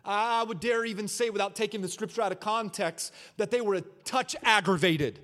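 A male pastor preaching a sermon with dramatic swings from shouts to hushed asides and repetitive, rhythmic phrasing. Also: high-pitched, moderate pace, long reverb tail.

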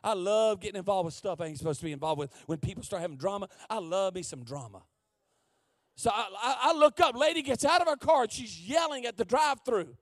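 A man preaching a sermon as guest preacher, telling a comic story and swinging from hushed asides to shouting. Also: sits high, very animated, fast, no echo, studio quality.

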